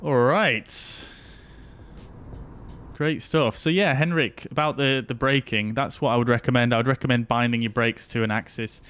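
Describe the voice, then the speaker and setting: Here a man talks to his chat while flying in a flight simulator he's streaming, keeping up a chatty, casual commentary. His mid-range voice is a bit bright and moves at a moderate pace, with a little hiss or hum on the recording.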